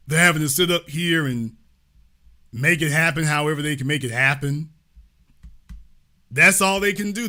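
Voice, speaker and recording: A man's voice: fairly high pitch, bright, forceful tone. A man hosting a live call-in talk show, talking casually and repeating his points. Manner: casual, repetitive, restates lines.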